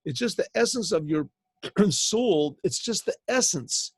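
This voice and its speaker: The voice is high-pitched and husky, a little slow, with lively intonation: an older rabbi teaching an informal Torah class over a video call. Dry audio carries his story, full of quoted voices and sprinkled with Hebrew terms.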